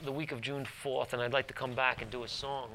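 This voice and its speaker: A man's voice: medium pitch, flat delivery, fairly quick, background noise. A man, a guest actor, chatting and telling stories in a TV studio interview, rambling with restarts. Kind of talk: casual interview storytelling.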